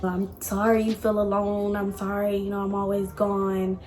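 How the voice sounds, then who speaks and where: A young woman quoting her hurt, tearful young boyfriend in a low, subdued voice. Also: monotone, moderate pace, darkish tone, close to an everyday voice. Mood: pleading.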